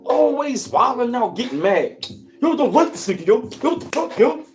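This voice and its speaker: Guy doing a jealous hothead hater, high squeaky voice, cussing, mocking. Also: very animated, moderate pace, soft background music. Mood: angry mocking. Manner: agitated, cursing, mocking.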